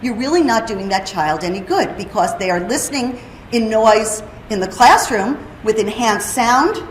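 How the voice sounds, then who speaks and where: A woman's voice: fairly high pitch, lively intonation, normal speed, slight background noise. Woman presenting in a roomy hall. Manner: explanatory, asks the audience questions. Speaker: presenter on hearing and speech. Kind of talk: conference presentation. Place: conference room. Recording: roomy hall with faint ambience.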